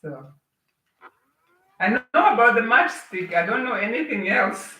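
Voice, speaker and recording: In her home kitchen, a cooking livestream host chats casually with her audience and says hello as people join in. Her fairly high voice is expressive and sharp at a measured pace, recorded roomy and distant with clear background noise.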